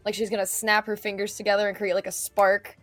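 A woman playing a tabletop game, describing her move in a halting way with many fillers. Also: medium pitch, flat delivery, dry recording, soft background music. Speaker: player. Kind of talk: casual tabletop play.

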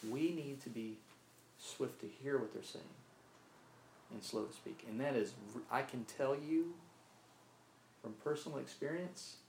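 A man's voice: mid-range voice, a little slow, long pauses, darkish tone, slight background noise. A man from Mississippi preaching a sermon, earnest, often repeating himself and asking "right?". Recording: roomy echo, faint ambience.

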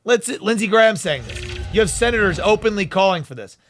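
A man's voice: sits high, expressive, fairly quick, a bit bright, soft background music. A man hosting a talk show, delivering fiery, emphatic and sarcastic political commentary.

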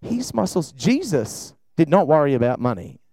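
A man preaching and praying in a church service, fervent, swinging between loud cries and quiet talk. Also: fairly high pitch, sing-song, normal speed, dry recording, poor audio. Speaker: pastor. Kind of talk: sermon with prayer.

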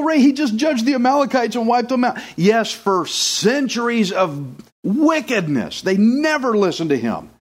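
A man preaching a sermon in an animated way, acting out the voices of the people he quotes. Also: sits high.

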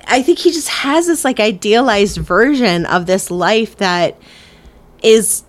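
A woman's voice: mid-range voice, animated, takes it slowly. A woman in her thirties co-hosting a podcast, chatting animatedly about a movie, swearing and restarting her sentences. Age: 30s. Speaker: podcast co-host. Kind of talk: casual movie discussion.

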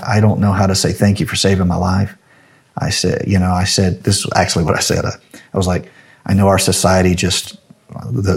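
A middle-aged male pastor giving a conversational devotional sermon, pausing often with fillers and restarts, then praying. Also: on the low side, a little mellow, slightly rough. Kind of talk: sermon devotional with closing prayer.

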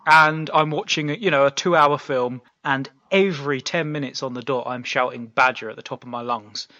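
A man's voice: medium pitch, moderate pace, bright, forceful tone. A young man co-hosting a comedy podcast, telling playful, exaggerated stories in casual chat. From United Kingdom. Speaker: podcast co-host. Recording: dull lo-fi sound.

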